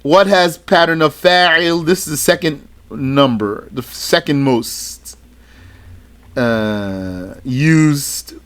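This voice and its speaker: A man's voice: fairly high pitch, fairly bright tone, clean tone. A man teaching a religious studies lesson, reading out a list item by item and adding short explanatory asides. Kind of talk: slow recitation lesson.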